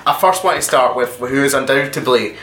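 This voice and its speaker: A man's voice: mid-range voice, fairly quick, pushed and bright, reverberant. A man hosting a casual TV review chat and handing questions to his guests. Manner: leads the discussion, hands questions to guests. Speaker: podcast host.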